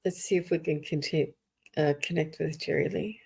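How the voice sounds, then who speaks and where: A woman hosting a live psychic reading stream, softly reading out viewer questions and offering sympathy. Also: sits low, fairly even intonation, normal speed, creaky, breathy edge. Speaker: host, psychic medium.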